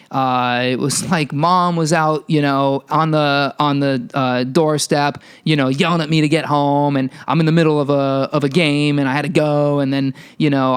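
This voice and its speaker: A man's voice: fairly high pitch, smooth. Heated, profane male podcast ranter. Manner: heated, profane, animated storytelling. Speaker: podcast host. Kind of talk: ranting monologue.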